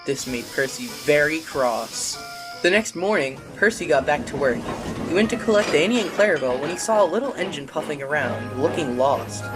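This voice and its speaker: A narrator telling a children's toy-train story in an expressive, storybook manner. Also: mid-range voice, fairly quick, music in the background, rough recording.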